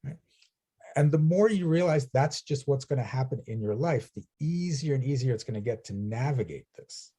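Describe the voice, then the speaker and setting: A man's voice: medium pitch, animated, moderate pace, mellow, slightly rough. A man coaching a client, telling stories and often checking in with "right?". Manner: storytelling, asks "right?" often. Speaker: business coach. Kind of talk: coaching session.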